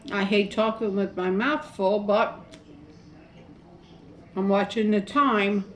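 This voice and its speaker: A woman's voice: mid-range voice, fairly even intonation, slow. A middle-aged woman chatting casually to camera during a mukbang, rambling and folksy. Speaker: mukbang vlogger. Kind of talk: casual chat to camera while eating.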